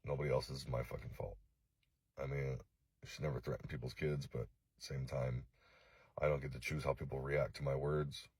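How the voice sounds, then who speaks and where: Man, extremely deep voice, husky, from Los Angeles, halting and profane, distraught. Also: little pitch movement, darkish tone, no room sound. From East Los Angeles. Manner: halting, profane, remorseful, many fillers. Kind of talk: emotional apology video.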